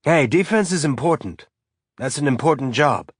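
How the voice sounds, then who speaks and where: A man's voice: fairly high pitch, expressive, moderate pace, slightly rough, no echo, clean studio sound, pitched above the performer's own voice. A man voicing a grieving father who holds back tears, forcing a light, cheerful tone through a thick throat. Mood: choked, tender. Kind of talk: audiobook character voice.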